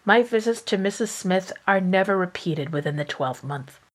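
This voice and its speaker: A woman reading as a strained young gentleman. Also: medium pitch, animated, normal speed, close to an everyday voice. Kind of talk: reading aloud.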